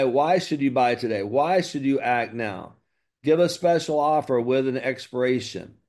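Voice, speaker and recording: A man's voice: medium pitch, darkish tone. A man, giving a coaching talk to his group about marketing. He talks with energy, leaning hard on key words and repeating them. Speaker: business coach.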